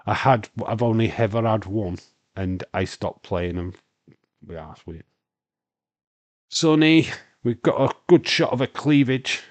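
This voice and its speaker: A man's voice: on the low side, a little mellow, dry recording. Chatty Yorkshire man with a dry sound. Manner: rambling, chatty, answers chat aloud with frequent fillers. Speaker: host of a wrestling watch-along stream. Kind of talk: casual live-stream commentary, reading chat questions.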